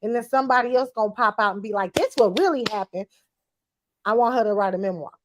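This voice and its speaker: A woman's voice: medium pitch, quick pace, background noise. A woman co-hosting a casual reality-TV recap chat, blunt and slangy, laughing often. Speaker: podcast co-host.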